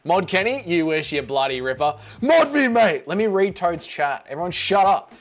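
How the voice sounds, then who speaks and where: Australian male streamer, slightly high voice, rambly chat with his viewers. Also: a little fast. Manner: rambling, chatty, greets viewers by name. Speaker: live streamer. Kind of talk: casual live stream chat.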